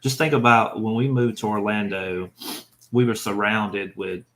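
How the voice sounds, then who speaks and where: Man, Southern accent, Mississippi, lowish voice, folksy, casual live chat. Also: steady tone, measured pace, fairly bright tone, low-quality recording. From Mississippi, USA. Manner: folksy storytelling with laughs. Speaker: dumpster diving YouTuber.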